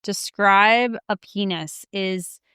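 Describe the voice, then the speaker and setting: Smooth-voiced woman chatting about a book. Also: mid-range voice, slow pace, pushed and bright, no echo, studio quality. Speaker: podcast co-host. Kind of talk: casual book review chat.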